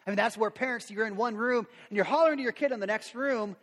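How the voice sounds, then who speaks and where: A middle-aged man preaching a sermon as a pastor, animated, acting out quotes and sound effects. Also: high-pitched, quick pace. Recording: long reverb of a large hall.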